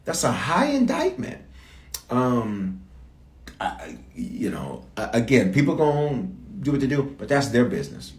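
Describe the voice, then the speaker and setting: A man's voice: medium pitch, animated, measured pace, a little mellow, roomy sound. A man answering audience questions as a bishop, in an emphatic, repetitive preaching cadence. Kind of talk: preaching Q&A talk.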